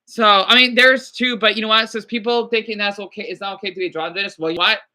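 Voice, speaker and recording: A man's voice: sits high, steady tone, fast, bright, forceful tone. A man livestreaming casually, rambling, swearing and apologizing as he answers viewer comments.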